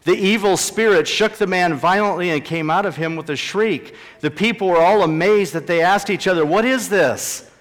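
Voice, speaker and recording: A pastor preaching a sermon, emphatic and repeating key phrases for stress. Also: male voice, sits high, moderate pace, hardly any pauses. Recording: long reverb in a large hall.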